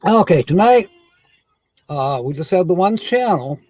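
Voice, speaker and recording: A man's voice: sits high, expressive, a little slow, a little mellow, no room sound. A man hosting a casual live stream, rambling and chuckling often as he corrects himself.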